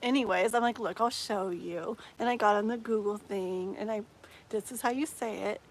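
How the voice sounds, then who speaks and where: Chatty woman tarot reader, slightly high voice. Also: a little fast, rough recording. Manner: chatty, rambling, drops into soft murmurs. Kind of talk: casual live-stream chat.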